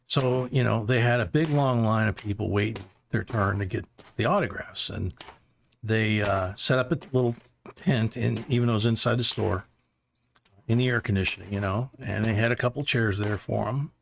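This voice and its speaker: A man's voice: lowish voice, normal speed, gravelly, slight background noise. A middle-aged man hosting a livestream, rambling through a casual anecdote with chuckles. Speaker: livestream host.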